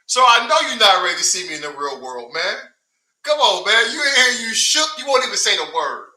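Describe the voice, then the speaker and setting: A man's voice: sits high, very animated, fairly quick, bright, forceful tone. A man ranting on a livestream, taunting his critics with heavy swearing and scoffing laughs. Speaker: online streamer. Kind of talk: heated livestream rant. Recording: echoey room.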